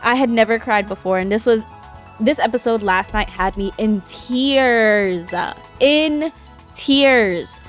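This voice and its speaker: A woman streaming a game and chatting casually, gossiping in an animated way with frequent laughter. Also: on the high side, slow, faint music behind. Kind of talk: casual chat while gaming.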